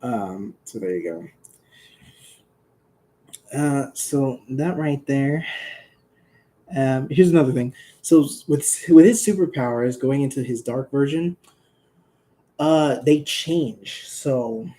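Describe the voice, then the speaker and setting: A man chatting casually to viewers about characters he created, rambling and laughing, and pausing to talk to his cat. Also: mid-range voice, dark tone.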